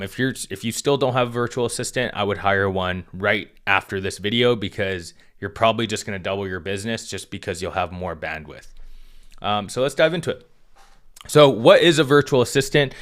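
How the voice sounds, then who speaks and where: A man with a fairly low voice explains business advice in a relaxed, conversational way. He speaks like a coach talking to entrepreneurs, filling pauses with "um" and tagging points with "right?". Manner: conversational, frequent "right?" and "um" fillers. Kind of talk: casual direct-to-camera advice talk.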